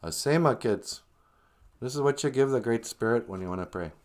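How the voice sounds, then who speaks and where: Male livestream host, casual joking chat, lively swinging pitch. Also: a little fast. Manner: joking storyteller, acts out voices.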